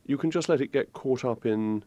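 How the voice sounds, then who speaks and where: A man from England in his fifties, a guest talking politics in a measured way, hesitating with ums. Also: medium pitch, dark tone, no echo, highs cut off. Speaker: guest commentator. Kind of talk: political discussion.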